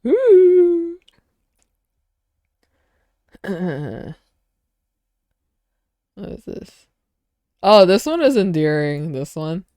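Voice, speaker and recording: Slow-talking, lively woman streamer. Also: low-pitched, dry recording. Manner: excitable, laughs often, gushes at clips. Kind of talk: casual reaction stream chat.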